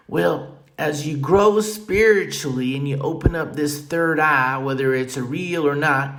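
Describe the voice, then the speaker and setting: At normal speed and with a fairly bright, slightly high voice, a man hosts a podcast late at night from a room at home where a fan runs. His folksy, tongue-in-cheek talk keeps wandering off topic.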